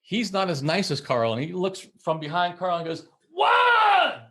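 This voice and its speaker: A middle-aged man, a musician and podcast guest, telling a story in a lively way and acting out the voices he quotes. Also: on the high side, moderate pace. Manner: acts out quoted voices, laughs while telling. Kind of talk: animated storytelling in conversation.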